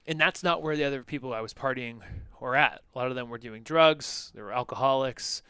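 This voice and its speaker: Bright, crisp-voiced man telling a story. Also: mid-range voice, a little fast, no echo. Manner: loose and conversational, with frequent "like" and "you know". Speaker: podcast co-host. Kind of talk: casual personal storytelling.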